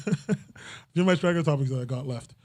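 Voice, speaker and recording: A young man in casual podcast chat, voice sitting a little high for a man. He rambles, restarts his sentences and laughs at his own jokes. The sound is close and dry. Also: a little fast, a little mellow, no echo. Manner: rambling, self-interrupting, laughs often. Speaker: podcast host.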